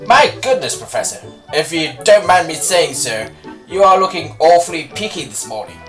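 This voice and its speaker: Man doing a fussy professor co-host, lively pitch, a bit off-mic. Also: moderate pace, distant mic, soft background music. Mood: prim. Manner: fussy, questioning, mock-proper. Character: prim male British professor co-host, fussy and probing.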